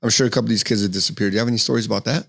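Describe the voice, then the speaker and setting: A man with a low, gravelly voice who talks fast. He hosts a casual podcast and fires eager, slangy questions at his guests. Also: fairly even intonation, fairly bright tone. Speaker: podcast host.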